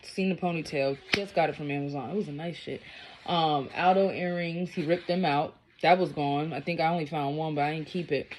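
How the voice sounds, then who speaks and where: Low-voiced woman telling a story bluntly. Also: steady tone, a little fast, slight background noise. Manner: blunt, profane, rambling. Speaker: vlogger. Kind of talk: casual storytelling.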